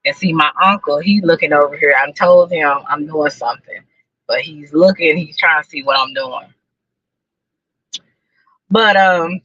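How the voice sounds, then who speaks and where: A woman's voice: deep voice, a little slow, long pauses, fairly bright tone, breathy edge, dry recording, highs cut off. A woman live-streaming casual chat to her viewers from a parked car, talking freely, repeating herself and laughing often. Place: parked car outside a building.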